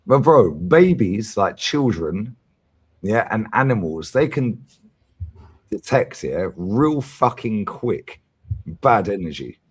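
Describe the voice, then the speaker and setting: Husky, lively man. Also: lowish voice, takes it slowly. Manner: swearing, slangy, lively storytelling. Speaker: host of a fan talk stream. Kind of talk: casual chat.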